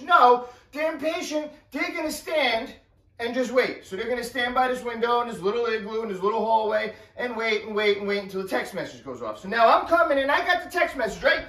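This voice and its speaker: A man telling a comedic story as a rant, animated and exasperated, acting out the other people in the story in quick character voices. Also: very high voice. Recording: roomy sound from a distant mic.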